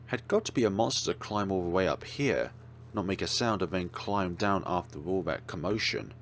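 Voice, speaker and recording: A man with a low voice reads a horror visual novel aloud, narrating dramatically. His delivery is lively and expressive, with wry side comments. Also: normal speed, slight background noise. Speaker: let's play host.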